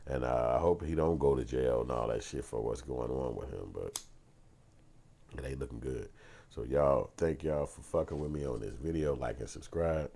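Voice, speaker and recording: A man's voice: extremely low pitch, normal speed, gravelly, warm tone, husky. A man telling a personal story on his vlog, casual and profane, acting out heated arguments in other voices. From Chicago. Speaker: vlogger and filmmaker.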